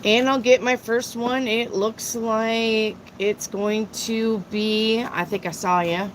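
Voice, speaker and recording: Slow-drawling woman tarot reader. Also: on the high side, steady tone, slight background noise, low-quality recording. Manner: chatty, slow and drawling, repeats herself. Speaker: tarot reader hosting a live stream. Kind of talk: casual live-stream reading, answering chat.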